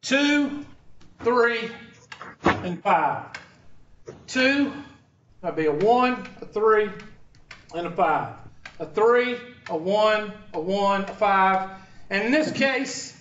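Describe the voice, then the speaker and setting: A Southern man from South Carolina teaching fractions, his high and bright voice full of folksy teasing. He is heard from a distance in an echoey room. The recording sounds dull and lo-fi, with a faint hiss underneath. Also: animated, drawn-out words, long pauses. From Upstate South Carolina, USA. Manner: folksy, teasing, joking asides. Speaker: math teacher. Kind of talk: informal math lesson with banter.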